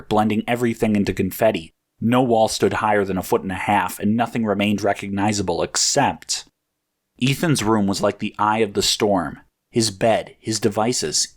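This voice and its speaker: Man narrating a story in a low voice. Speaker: audiobook narrator.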